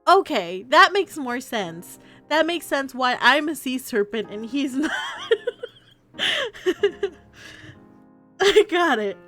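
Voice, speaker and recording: Woman streamer, giggly, playful commentary, higher voice, faint background music. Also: big pitch swings, slow pace, pauses often, fairly bright tone. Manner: giggly and playful, laughs often. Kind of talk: casual stream commentary while reading a visual novel.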